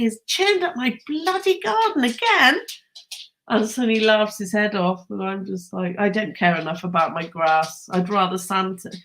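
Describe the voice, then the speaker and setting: Chatty, excitable woman. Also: fairly high pitch. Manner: chatty and excitable, rambling with laughs and self-corrections. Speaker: live stream host. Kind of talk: casual live chat with viewers.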